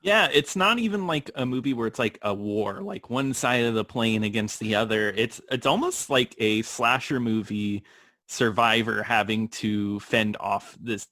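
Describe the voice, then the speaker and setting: A man co-hosting a film podcast in casual chat, laughing often and talking in an animated way. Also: fairly low pitch, no echo, studio quality. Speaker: podcast co-host.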